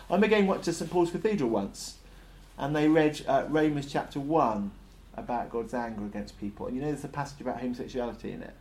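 A man's voice: fairly high pitch, expressive, fast, darkish tone. Man preaching with lots of ums. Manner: conversational, with many ums and uhs. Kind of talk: sermon.

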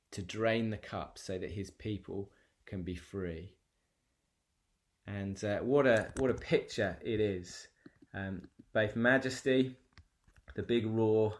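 A man preaching a sermon as pastor, earnest and conversational, often pausing with fillers and restarting phrases. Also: on the low side.

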